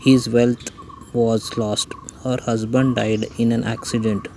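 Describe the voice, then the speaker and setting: A man teaching English grammar, reading out definitions and example lists one by one in a slow, even recitation. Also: mid-range voice, creaky, slight background noise, poor audio. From India.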